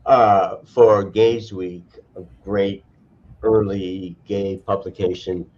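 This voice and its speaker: An older man talks in a slow, halting way, pausing to find his words. His voice sits very low. The audio has the dull, muffled sound of a lo-fi video call. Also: fairly even intonation, darkish tone. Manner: halting, thoughtful, frequent restarts. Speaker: cultural historian and archivist guest. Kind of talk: casual online conversation.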